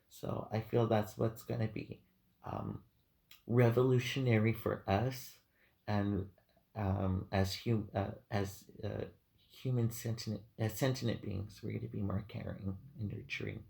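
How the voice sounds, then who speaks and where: Male tarot reader, unhurried and halting, with a gravelly low voice and an emotional, choked-up delivery. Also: fairly even intonation, mellow. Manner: hesitant, many ums, heartfelt and emotional. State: teary-eyed. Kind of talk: unscripted tarot reading monologue.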